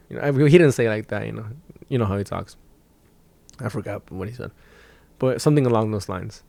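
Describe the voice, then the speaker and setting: A man's voice: medium pitch, brisk, vocal fry, pauses often, no room sound. A young man and stand-up comic hosting his own podcast, telling a rambling, profane story in casual chat. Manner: profane, rambling, animated when quoting people.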